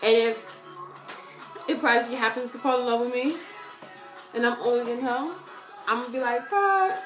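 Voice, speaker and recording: A woman chatting to camera in an animated way, answering viewer questions and calling her viewers girl. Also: on the high side, normal speed, reverberant, soft background music. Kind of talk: casual chat to camera.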